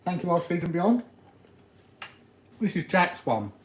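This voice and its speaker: A man's voice: high-pitched, sing-song, measured pace. Chatty man in an echoey room. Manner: chatty, rambling, talks while eating. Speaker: RC hobby livestream host. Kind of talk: casual livestream chat reading comments. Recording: echoey room with faint noise.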